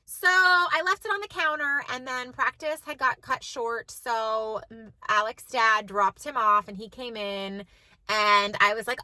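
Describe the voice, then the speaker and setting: Chatty high-voiced mom. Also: female voice, measured pace, pushed and bright, dry recording, low-quality recording. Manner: chatty storytelling, fillers like "like". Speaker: mom vlogger. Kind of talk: casual chat to camera.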